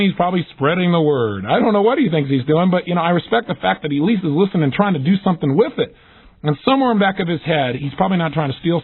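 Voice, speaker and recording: A man giving an energetic recorded self-help lesson, acting out the questions he describes in lively voices. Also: fairly high pitch, slightly rough. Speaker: motivational speaker. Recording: tinny phone-like audio.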